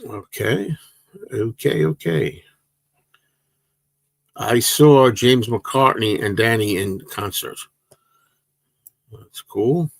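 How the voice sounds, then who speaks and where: A man's voice: mid-range voice, very slow, gravelly, long pauses, no echo. A man in his sixties hosting a livestream, answering viewers in a casual, rambling way with many hesitations and restarts. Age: 60s. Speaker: livestream host.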